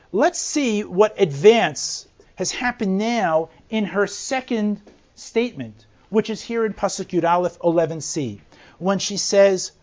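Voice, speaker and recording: A woman teaching a verse-by-verse Bible lesson. She reads Hebrew verses slowly, explains them in plain English and leads with rhetorical questions. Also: medium pitch, darkish tone. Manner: asks rhetorical questions to lead the listener. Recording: slightly muffled lo-fi recording.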